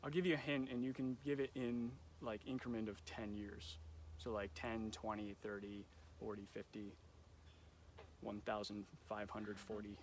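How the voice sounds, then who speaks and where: This young man's voice is lowish with little pitch movement and a normal pace as he runs informal nature trivia for kids, rambling a bit and saying um a lot. He's a camp educator live streaming from a nature center by phone or camera, with a little hiss or hum in the sound.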